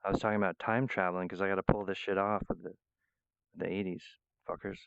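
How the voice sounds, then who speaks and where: A man's voice: low-pitched, level tone, fast talker, creaky, clear, resonant tone, no echo, muffled recording. A man rambling through a profane, meandering monologue, often breaking off mid-phrase. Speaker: vlogger.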